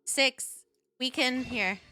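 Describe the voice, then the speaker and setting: A woman streaming a game live, talking straight to her chat in a high, bright voice. She is excitable and quick to squeal with joy. Faint game music plays under her voice.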